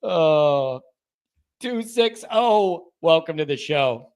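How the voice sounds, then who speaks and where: A man's voice: on the high side, animated, extremely slow, a little mellow, clear, resonant tone. A man hosting a live sports call-in show, chatting casually with callers and laughing easily.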